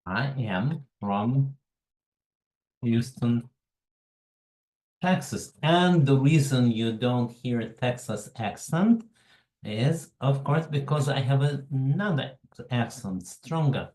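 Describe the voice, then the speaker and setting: A man with a Russian accent hosts a webinar over a computer mic. He talks slowly and haltingly, with a mellow, relaxed tone, in an echoey room. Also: medium pitch. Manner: slow, halting, greets attendees by name. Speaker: webinar host. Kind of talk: casual online presentation.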